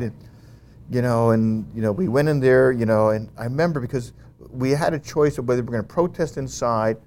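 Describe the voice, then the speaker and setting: Man, mid-pitched voice, animated storyteller, lots of fillers and restarts. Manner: animated, frequent "you know" fillers and restarts. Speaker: interview guest. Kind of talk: conversational storytelling.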